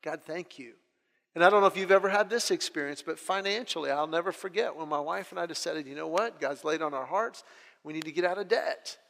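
A middle-aged man with a notably high voice tells humorous personal stories to a live audience. He is animated and self-deprecating, restarting his phrases as he goes. His voice carries the long reverb of a large hall. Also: fast, creaky. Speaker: speaker sharing a personal testimony.

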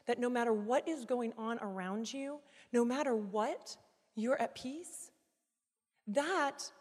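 A woman giving a sermon, telling a personal story with dramatic, emotional swings between quiet reflection and loud pleading. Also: fairly high pitch. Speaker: guest speaker. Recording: reverberant hall.

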